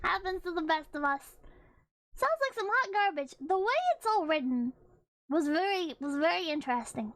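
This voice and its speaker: A woman's voice: extremely high pitch, expressive, normal speed, fairly bright tone, no room sound. A woman streamer chatting casually, rambling with frequent laughs and swearing. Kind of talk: casual chat.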